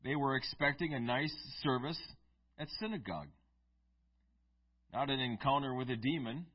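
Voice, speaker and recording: Husky-voiced male pastor preaching. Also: mid-range voice, normal speed, highs cut off. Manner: reads scripture in King James style, then preaches conversationally with asides. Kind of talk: sermon with scripture reading.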